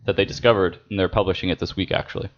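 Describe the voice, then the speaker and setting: A man hosting a casual gaming podcast, talking in an animated way, with many fillers and laughs. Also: sits low, racing. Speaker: podcast host. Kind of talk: casual podcast chat about games. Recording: dull lo-fi podcast audio.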